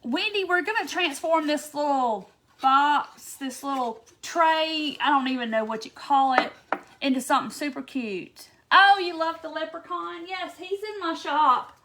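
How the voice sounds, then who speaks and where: Lady doing a live craft stream, high voice, chatty, says hey to everybody by name. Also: measured pace, fairly bright tone. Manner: chatty, greets viewers one by one. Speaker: craft livestream host. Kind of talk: casual livestream chat.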